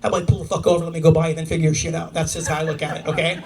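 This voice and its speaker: A man's voice: on the high side, level tone, rapid-fire, gravelly, far from the mic, low-quality recording. A middle-aged man telling stories in a stand-up comedy set, acting out the lines of the people in them. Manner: storytelling, acts out people's lines. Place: comedy club stage before a live audience. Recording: audience recording from across the room. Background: loud laughing crowd.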